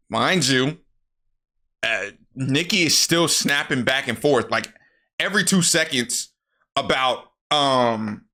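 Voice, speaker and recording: A man's voice: mid-range voice, sharp tone. A tired man retelling a movie plot in a casual, rambling, profane way, correcting himself as he goes. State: tired after work. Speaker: vlogger recapping a movie. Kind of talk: casual storytelling recap.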